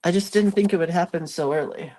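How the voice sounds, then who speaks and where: This craft video host has a lowish, mellow voice and talks fast. Congested and sniffly, she chats through a casual crafting demo while she works, laughing at herself along the way.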